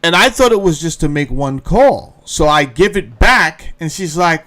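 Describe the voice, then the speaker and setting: A man hosts a podcast and tells a funny story in plenty of profanity. He acts out what people said to him. His pitch sits a little high and swings widely. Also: a little slow. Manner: profane, animated, acts out quotes. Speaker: podcast host. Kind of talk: comedic storytelling.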